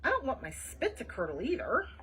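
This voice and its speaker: A woman's voice: sits high, wildly swooping pitch, fairly quick, bright, forceful tone, breathy edge, exaggerated voice, low-quality recording. A woman reading aloud and voicing a serious, imaginative little girl who tells spooky secrets earnestly.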